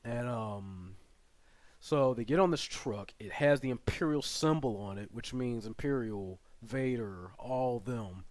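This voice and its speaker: A man's voice: medium pitch, unhurried, a little mellow, dry recording. A man hosting his channel, casually retelling a show's plot in a rambling way full of fillers and asides. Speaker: channel host reviewing a series. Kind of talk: casual spoken plot recap.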